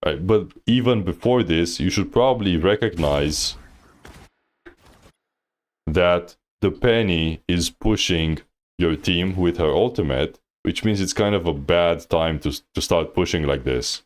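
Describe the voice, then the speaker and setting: A man's voice: low voice, unhurried. A man coaching on a livestream, reviewing a player's match in a laid-back, slangy, teasing way and laughing often. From Thailand. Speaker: game coach reviewing gameplay. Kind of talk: casual livestream coaching commentary.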